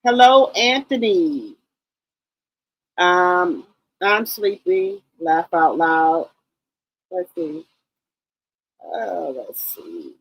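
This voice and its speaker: A woman's voice: lowish voice, animated, drawn-out words, pauses often, dull audio. A woman hosting a casual live stream, greeting viewers one by one and rambling loosely with many ums.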